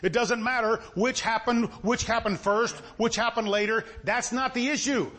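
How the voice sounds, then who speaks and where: A man's voice: extremely high pitch, fairly even intonation, moderate pace, a bit bright. A man preaching a sermon in a folksy style, asking his listeners questions again and again. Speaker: pastor.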